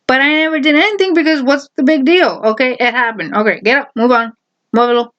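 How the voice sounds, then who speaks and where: A woman's voice: high-pitched, quick pace, lo-fi sound. A young adult woman vlogging, telling a personal story in a casual, blunt way and acting out the other people's voices. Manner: animated, acts out quoted voices, blunt.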